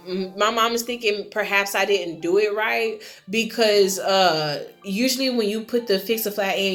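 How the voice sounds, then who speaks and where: A young woman, her voice a little high, talks through a personal story in a loose, chatty way, full of fillers. She gets emotional and now and then breaks into loud exclamations. Faint music plays behind her. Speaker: vlogger. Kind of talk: casual storytime chat.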